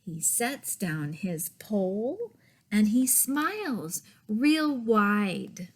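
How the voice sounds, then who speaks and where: A woman who works as a children's librarian, reading picture books aloud in a gentle, expressive manner that often drops to a whisper. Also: medium pitch, extremely slow, husky. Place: public library.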